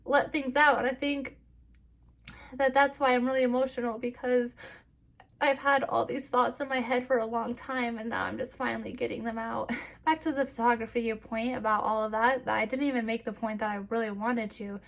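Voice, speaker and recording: A young woman talking to camera in a personal vlog, tearful and short of breath, halting with fillers and restarts. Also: fairly high pitch, steady tone, vocal fry, fairly bright tone. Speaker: vlogger.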